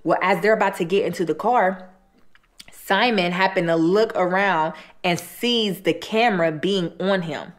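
A woman's voice: lowish voice, measured pace. A woman hosting an eating show, retelling a true-crime story in a casual, colloquial way with repeated phrases. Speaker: host.

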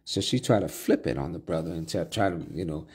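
A man's voice: deep voice, fairly quick, darkish tone, husky. A man preaching a Bible study sermon, reading scripture aloud and then explaining it in plain talk with restarts and asides.

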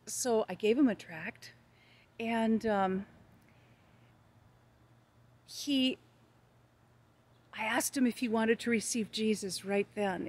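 An older American woman recording outdoors in the shade during a heat wave, earnestly sharing the gospel and stories of handing out tracts. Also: medium pitch. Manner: earnest, storytelling with quoted dialogue. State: hot, red-cheeked in a heat wave. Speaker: evangelist vlogger. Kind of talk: casual testimony vlog.

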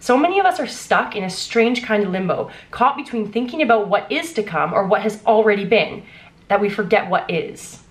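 A young adult woman vlogging as an author, gushing and breathless with excitement as she talks and reads aloud. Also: mid-range voice, a little fast. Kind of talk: excited vlog unboxing and reading aloud.

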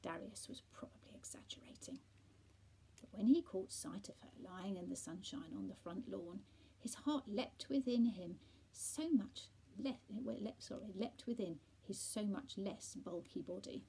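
A woman teacher reading a bedtime story aloud, with soft, half-whispered asides to children. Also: mid-range voice, unhurried, gravelly, slightly rough, rough recording.

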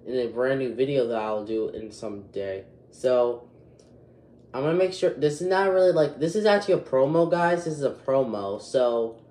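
A man's voice: medium pitch, normal speed, dark tone. 12 yr old boy vlogging, all worked up, keeps restarting sentences, echoey room. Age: 12 years old. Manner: agitated, rambling with many restarts. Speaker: youtube channel host. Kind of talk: casual vlog.

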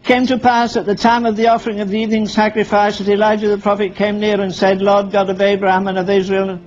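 A man's voice: high-pitched, little pitch movement, fast. A man preaching a sermon, firing rhetorical questions at the congregation and acting out Bible scenes in dialogue. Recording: dull lo-fi sermon recording with faint music.

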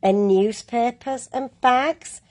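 A woman's voice: fairly high pitch, slow, a little mellow. Grumbling storybook dad, read by a woman. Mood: complaining.

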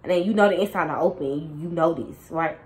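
A young woman casually telling a storytime to her viewers, animated and slangy, talking straight to them. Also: low voice, fairly quick, poor audio. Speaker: storytime vlogger.

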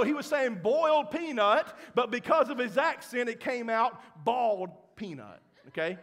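A male pastor, preaching a sermon with animated storytelling that rises into loud, fervent passages. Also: extremely high pitch, normal speed, hardly any pauses. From Mississippi. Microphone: handheld or headset microphone, sometimes cutting out. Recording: church hall with long reverb.

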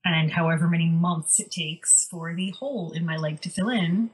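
On a rough recording, a woman with a lowish voice co-hosts a podcast at a moderate pace. She tells stories in a chatty, wry, casual way.

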